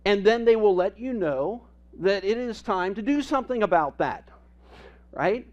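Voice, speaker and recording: Guy pastor preaching, kinda high voice, funny animated stories, muffled recording. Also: normal speed. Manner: storytelling with humor, animated and lively. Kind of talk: sermon.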